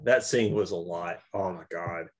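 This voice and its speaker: A young man co-hosting a casual movie review chat, talking in halting bursts full of restarts and repeats. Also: sits low. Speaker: podcast co-host.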